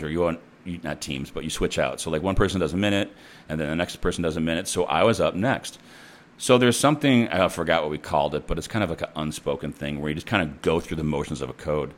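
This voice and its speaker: A man who works as a nurse, telling a story in a casual, blunt and profane way. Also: extremely low pitch.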